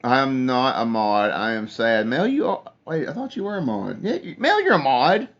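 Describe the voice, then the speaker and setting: A man's voice: medium pitch, big pitch swings, moderate pace, fairly bright tone. Man rambling on a phone stream. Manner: rambling storyteller, reads chat aloud. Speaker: livestream host. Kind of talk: casual live chat with viewers. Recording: dull lo-fi phone stream audio.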